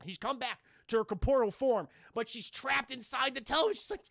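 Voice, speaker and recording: Man reviewing a cartoon for stream chat, high animated voice, gravelly, bright, swears and does character voices, dry close mic. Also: fast talker, dry recording. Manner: excitable, swearing, acting out characters in funny voices.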